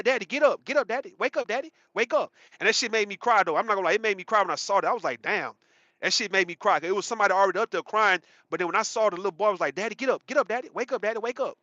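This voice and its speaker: A man's voice: high voice, pushed and bright, dry recording. A man in his thirties giving a rambling, profane, emphatic casual commentary monologue, often repeating himself. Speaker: commentary channel host. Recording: dull, muffled sound.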